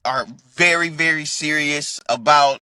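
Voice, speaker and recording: A man's voice: on the high side, measured pace, pushed and bright, clear, resonant tone, no echo. A man being interviewed as a wrestler guest in a casual podcast, laughing often and restarting his sentences.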